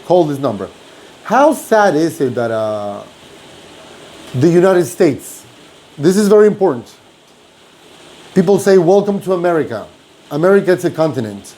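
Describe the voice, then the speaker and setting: A middle-aged chef from Mexico with a Mexican Spanish accent, telling stories in casual chat and acting out other people's lines. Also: male voice, fairly high pitch, moderate pace, long pauses. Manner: animated, acts out quoted voices. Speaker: chef and podcast co-host.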